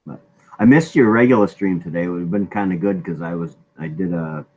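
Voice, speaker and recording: A man's voice: deep voice, a little fast, a little mellow, muffled recording, slight background noise. A man hosting a casual live stream chat in a laid-back way, laughing often, with a Maine accent.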